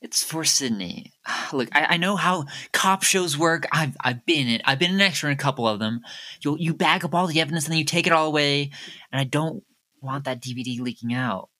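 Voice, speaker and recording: A man's voice: fairly high pitch, brisk, bright, forceful tone, voice pushed up. A man doing a flustered nervous ex-classmate. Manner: flustered, stammering, sighing. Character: nervous male former classmate caught snooping.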